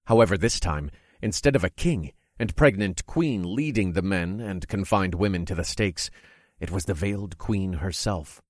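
A man with a very low voice reads a dark first-person story aloud. His delivery is measured and dramatic. The sound is dry and close, with no room echo.

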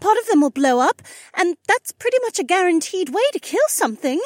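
A man voicing an excitable young woman who squeals and speaks emphatically. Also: extremely high pitch, a little fast, dry recording, clean studio sound, pitched above the performer's own voice. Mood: excited.

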